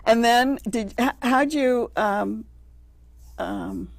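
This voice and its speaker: Upbeat female host, a touch higher-pitched, eager questioner, dry sound. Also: extremely slow, vocal fry, no room sound. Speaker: interviewer host. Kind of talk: casual interview chat.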